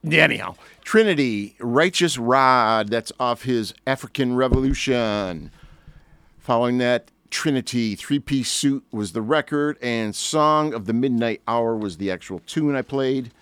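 An older man in his sixties hosts a radio show, rambling cheerfully between records with lively asides. His voice is smooth and resonant at a middle pitch. He speaks close into a dry studio mic. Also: a little slow, dry recording. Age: 60s. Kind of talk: casual radio chat. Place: radio station record library.

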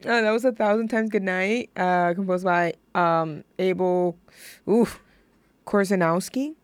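A woman's voice: lowish voice, steady tone, measured pace, clean tone, no room sound. A young woman hosting a music radio show, chatting casually in a giggly, rambling way that keeps interrupting itself. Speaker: radio host. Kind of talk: casual chat.

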